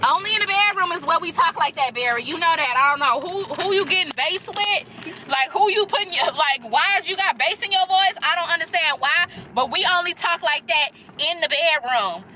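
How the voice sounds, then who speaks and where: A young woman chatting casually in a reaction vlog, animated, slangy and blunt, with playful trash talk. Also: very high voice, a little fast, a little hiss or hum. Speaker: reaction vlogger. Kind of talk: casual chat.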